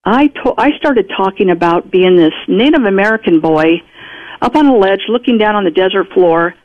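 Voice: medium pitch, expressive, normal speed. Chatty radio guest telling a story. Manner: chatty, acts out quoted speech. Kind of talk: telling a personal story in conversation. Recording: muffled radio broadcast audio.

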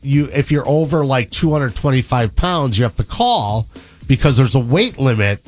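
A man's voice: medium pitch, animated, normal speed, soft background music. A man in a casual chat, telling a long self-mocking story as a co-host.

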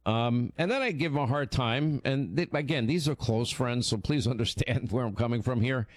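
A man hosting a radio show, telling stories in casual, animated, teasing on-air chat. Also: mid-range voice, normal speed, no echo.

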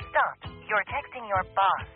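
Someone voicing a bossy little warning app, short sharp alerts, music blasting behind, muffled radio sound. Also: medium pitch, expressive, unhurried, close to an everyday voice. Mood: alerting. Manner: clipped, commanding alerts. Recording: dull lo-fi radio audio with loud music.

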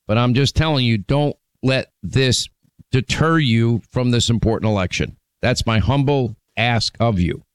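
Male talk radio host, smooth clear voice, dry close sound, emphatic, lists points, restarts often. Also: medium pitch, unhurried, no room sound.

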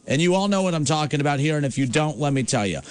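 A man hosting a sports talk radio show, ranting with animated, exasperated asides. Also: on the high side, fast, clean tone, dry recording.

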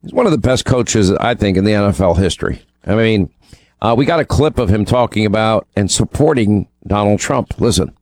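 A man's voice: lowish voice, expressive, a little fast, darkish tone, dry recording. A man from New York co-hosting a talk radio show, rambling casually through ad reads and news with many ums and restarts. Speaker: radio co-host. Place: radio studio.

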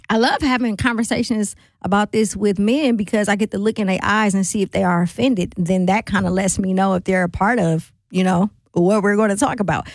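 Hosting a radio talk show, a woman with a mid-range voice chats casually, laughing in asides and rallying her listeners. She's recorded on a studio microphone with no room sound.

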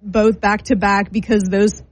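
A woman's voice: medium pitch, flat delivery, unhurried. A woman with a mid-range voice explains the business side of sports in a casual, reasoned way. She works through her points step by step and laughs lightly. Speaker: sports podcast co-host.

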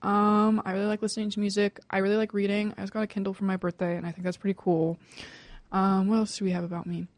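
A woman of twenty hosting a student radio show in casual chat, talking fast and nervously with many fillers and restarts. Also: medium pitch, little pitch movement, no echo. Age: 20s.

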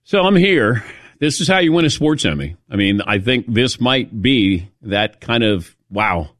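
A man's voice: medium pitch, dry recording. Man, middle-aged, sports talk host, self-mocking, casual, dry close sound. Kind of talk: casual radio chat.

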